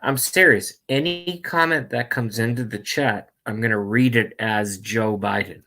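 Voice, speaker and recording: Slow-talking crude male streamer. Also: mid-range voice, pushed and bright. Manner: crude, joking, prodding the chat. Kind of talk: casual livestream chat.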